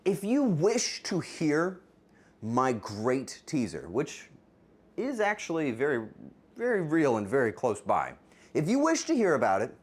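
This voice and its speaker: Animated, teasing male streamer. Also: a little high. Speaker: streamer, cooking show host. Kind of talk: live stream chat.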